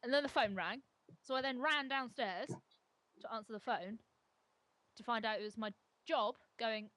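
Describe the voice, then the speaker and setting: Bright, self-mocking woman storyteller. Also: on the high side, moderate pace. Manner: animated, self-mocking, frequent laughing restarts. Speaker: gaming channel co-host. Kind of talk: casual storytelling over gameplay.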